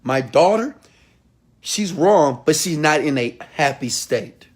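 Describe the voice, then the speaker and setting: A man giving a motivational talk straight to his viewers, emphatic, swinging from quiet asides to loud outbursts. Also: a little high, animated, takes it slowly. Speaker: motivational speaker.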